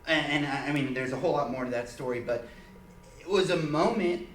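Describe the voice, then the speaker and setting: A man leading an informal church teaching, telling a personal story in an earnest, halting way with many restarts. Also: fairly high pitch, fairly bright tone. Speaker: church group leader. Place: church meeting room. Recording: echoey room, mic far off, faint hiss.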